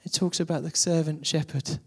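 A man's voice: on the high side, level tone, a little fast, slightly rough. A man preaching a sermon, building to emphatic repeated questions.

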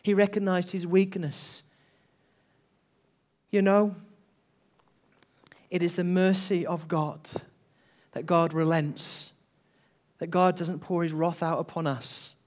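A man preaching a Pentecostal sermon to his church, earnest, swinging between hushed passages and loud, building calls, and often repeating himself as he restarts. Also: high-pitched, little pitch movement, slow pace, pauses often.

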